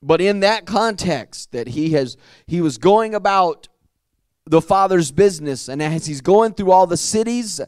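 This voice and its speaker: A pastor preaching a sermon with impassioned, drawn-out emphatic phrases and repeated words. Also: male voice, sits high, expressive, clear, resonant tone, dry recording, clean studio sound. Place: church sanctuary.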